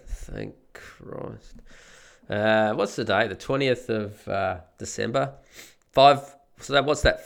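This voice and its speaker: Middle-aged male podcaster, fighting a cold; gravelly, animated pitch; rambling, profane monologue. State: sick with a head cold. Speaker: podcast host.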